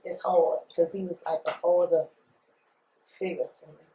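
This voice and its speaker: A woman's voice: fairly low pitch, level tone, moderate pace, dark tone. A woman, telling her story in an interview in a blunt, emphatic way, repeating phrases and using slang. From New Orleans, USA. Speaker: rapper being interviewed. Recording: roomy echo.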